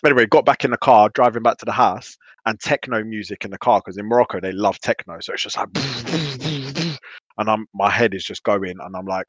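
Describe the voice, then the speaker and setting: A man's voice: lowish voice, a little fast, no echo. Swearing guy telling a wild story. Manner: animated, swearing, acts out his own panicked voice. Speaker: podcast guest. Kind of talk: casual storytelling.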